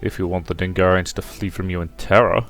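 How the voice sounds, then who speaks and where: A man's voice: deep voice, flat delivery, brisk, soft background music, pitched below the performer's own voice. A man voicing a dry, sensible woman companion. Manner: dry, questioning.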